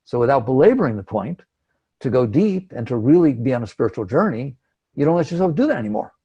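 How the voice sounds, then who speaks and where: A man's voice: mid-range voice, very animated, fast, warm tone, husky, lo-fi sound. A man giving a conversational spiritual talk, emphatic and acting out inner thoughts. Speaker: spiritual teacher.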